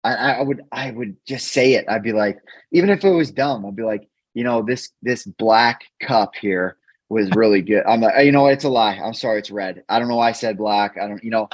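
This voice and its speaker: A man guest on a podcast, earnestly telling a personal story in a halting way, often repeating words when emotional. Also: lowish voice, no room sound. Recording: dull, dry podcast mic.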